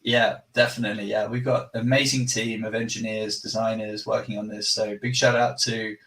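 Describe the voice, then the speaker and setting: A man's voice: fairly low pitch, little pitch movement, fairly quick, a bit bright. Enthusiastic rambling man on a distant mic. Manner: enthusiastic, rambling and self-correcting. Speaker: product presenter and company host. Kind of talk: live product demo chat.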